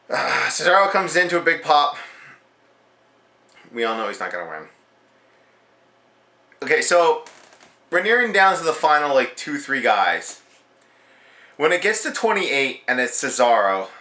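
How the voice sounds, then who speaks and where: A young man from Canada, giving an excitable, profane, rambling review of a wrestling show. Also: medium pitch, moderate pace, long pauses, roomy sound. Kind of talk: casual video review.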